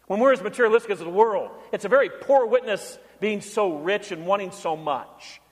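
A man's voice: high voice, normal speed, breathy edge, long reverb tail. A man preaching a sermon as pastor, earnest, now and then acting out the voices of people he quotes.

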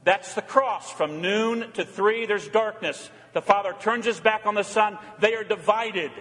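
High-voiced older preacher in a reverberant church. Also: male voice, measured pace, a bit bright. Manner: earnest preaching, rising and falling emphasis. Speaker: pastor. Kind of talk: sermon. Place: church sanctuary. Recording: long hall reverb.

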